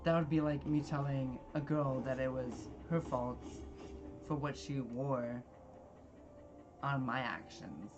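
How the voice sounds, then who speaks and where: Slow-talking gamer in their 30s, blunt and kind of awkward, laughs a lot, game music faint behind. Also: mid-range voice, fairly even intonation, muffled recording. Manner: blunt and forward, self-described socially awkward, laughs often. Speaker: let's play gamer. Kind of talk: casual gameplay commentary.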